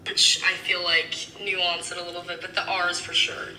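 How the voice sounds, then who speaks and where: Bright-voiced woman explaining thoughtfully. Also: lowish voice, little pitch movement, normal speed, faint music behind, low-quality recording. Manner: thoughtful, hedging with "I feel like". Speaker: actress in interview. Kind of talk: casual explanation.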